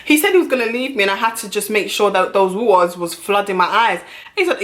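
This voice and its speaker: A young woman telling a storytime vlog in a brash, profane, animated way, recorded at home on a camera mic. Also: mid-range voice, fast talker. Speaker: vlogger.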